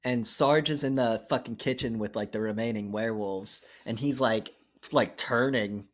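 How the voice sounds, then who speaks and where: Young male podcast co-host, middle pitch, casual and profane, lively scene-by-scene movie recaps. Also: normal speed. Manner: profane, animated retelling with acted-out lines.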